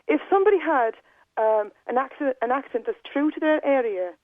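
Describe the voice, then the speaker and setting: A woman's voice: sits high, animated, fairly quick, crowd noise. A woman calling in to a radio show, arguing insistently and stumbling over her words. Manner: stammering, insistent, talks over others. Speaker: caller. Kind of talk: heated radio phone-in argument. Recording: tinny phone line.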